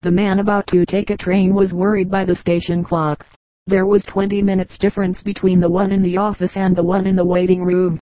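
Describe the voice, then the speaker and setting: A woman's voice: medium pitch, flat delivery, a little fast, warm tone, no room sound, poor audio. A woman reading a collection of short humorous anecdotes as an audiobook narrator. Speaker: audiobook reader.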